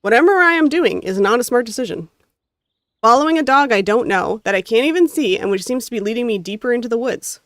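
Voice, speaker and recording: She talks fast here, her fairly high voice animated and a bit bright, recorded cleanly in a studio with no echo. Streaming the game, the North American woman gives the visual novel's text an expressive reading and drifts into casual asides to chat.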